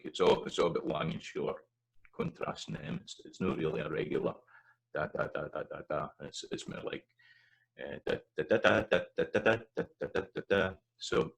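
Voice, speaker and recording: Low gravelly Scottish man teaching. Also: rough recording. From Scotland. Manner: demonstrates vowel sounds by repeating words, loose and hesitant between examples. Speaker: language teacher. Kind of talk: recorded slide lesson on pronunciation.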